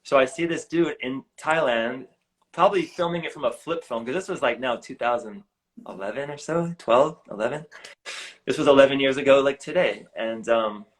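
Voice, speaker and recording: A man in his forties telling a personal story in an earnest, animated way, often saying "like", recorded over a live video stream. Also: medium pitch, low-quality recording. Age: 40s. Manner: earnest, animated, heavy use of "like". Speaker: guest. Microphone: live video stream on a phone or computer.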